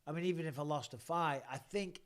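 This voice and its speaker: A man's voice: fairly high pitch, quick pace. A man hosting a casual chat, a retired fighter talking bluntly and swearing freely, often restarting his sentences.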